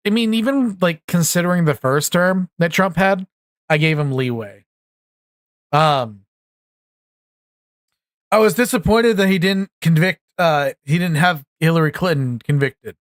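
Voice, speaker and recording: A man's voice: on the high side, no room sound. Tired man rambling in frustration. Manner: rambling, frustrated, restarts often. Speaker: commentary YouTuber. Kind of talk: casual political commentary. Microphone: USB desktop mic.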